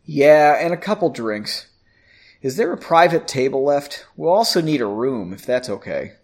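A man's voice: a little high, sing-song, moderate pace. A man voicing a weary young mage who speaks in a resigned, grudging way. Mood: tired.

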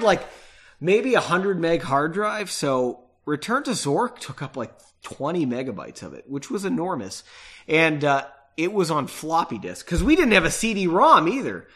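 Man, stuffy nose, casual rambling chat, bright tense voice, very animated pitch. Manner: rambling, self-mocking. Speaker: podcast host and reader. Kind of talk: casual chat and reading aloud.

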